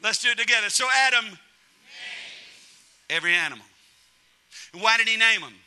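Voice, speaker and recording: Bright-voiced joking male preacher. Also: high-pitched, moderate pace, smooth. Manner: humorous, animated preaching with acted-out quotes. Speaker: pastor. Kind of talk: sermon.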